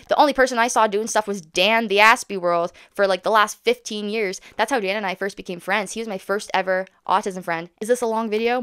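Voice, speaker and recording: A young-sounding woman talks straight to the camera in a quick, rambling, frank way. Her mid-range voice has a gravelly fry under a smooth, clean tone. The sound is dry and close, with no room echo. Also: medium pitch, a bit bright. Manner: fast, rambling, frank, with laughs and swearing. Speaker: autism content creator. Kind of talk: candid talk to camera.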